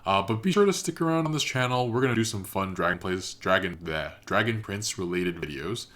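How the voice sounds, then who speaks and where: A man's voice: low voice, animated, a little fast, fairly bright tone. A man hosting a reaction channel, chatting casually and thinking aloud with lots of fillers.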